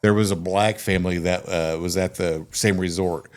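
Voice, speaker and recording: A man with a Texan accent hosting a casual podcast chat, telling animated stories, swearing freely and acting out other people's voices. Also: low voice, moderate pace. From Texas. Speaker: podcast host.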